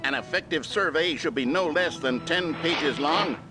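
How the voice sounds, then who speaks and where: A man plays a bright, mock-authoritative narrator from a retro instructional video. He talks briskly and cheerfully in a slightly raised pitch. Clear music plays under him. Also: close to an everyday voice. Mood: upbeat. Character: upbeat male instructional-film narrator.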